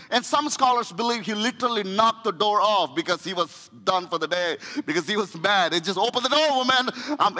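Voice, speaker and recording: A man preaches a sermon in a high, bright, ringing voice. He tells the story in an animated way, often restarting his phrases. The sound carries a long echo from a church hall. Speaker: pastor. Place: church sanctuary.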